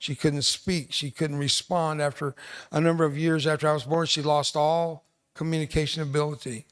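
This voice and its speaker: An older man in his seventies with a slightly high-pitched voice speaks to students in a school hall. He tells stories as a veteran guest and keeps slipping in self-deprecating jokes. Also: level tone, moderate pace, a bit bright. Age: 70s. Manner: joking, self-deprecating storyteller. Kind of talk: storytelling speech to students.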